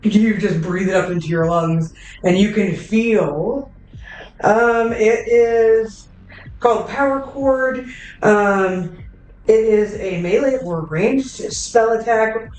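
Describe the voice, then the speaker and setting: A woman's voice: mid-range voice, takes it slowly, darkish tone, echoey room, recorded from a distance, rough recording. A woman narrating a tabletop game as game master, casual and full of fillers, swearing freely.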